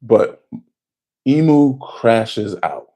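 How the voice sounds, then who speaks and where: Excitable man recapping episodes casually. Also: very slow. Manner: excitable, slangy, swears freely, pitch jumps when retelling scenes. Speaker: anime reaction vlogger.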